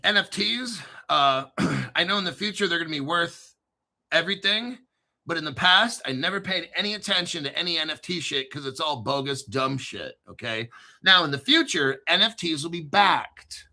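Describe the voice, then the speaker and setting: A man with a high, piercingly bright voice runs his crypto channel, reading headlines aloud. He jokes, swears, and hypes everything up, clearing his throat again and again as he goes. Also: animated, normal speed. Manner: profane, joking, hyped, often clears throat. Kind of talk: excitable commentary reading crypto news.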